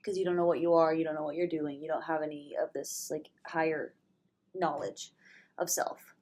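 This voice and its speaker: A woman's voice: deep voice, fairly even intonation, normal speed, darkish tone. A young woman vlogging in a rambling, candid way about her spiritual views, swearing freely. She is hungover and stuffy-nosed, and she sometimes drops into a whisper. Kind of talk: casual spiritual vlog monologue.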